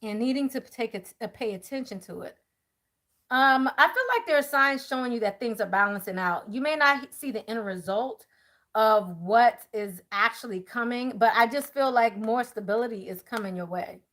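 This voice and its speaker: A woman's voice: on the high side, normal speed, a bit bright. A woman doing a live tarot reading, chatting casually and talking to her viewers as y'all. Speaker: tarot reader.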